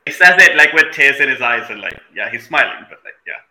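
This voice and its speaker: A man with a very bright, forceful voice narrates his character in a tabletop game. He speaks reflectively and pauses often, filling gaps with soft hesitations. The room around him sounds roomy and echoey. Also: medium pitch, lively intonation. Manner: reflective, halting with many fillers. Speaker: player.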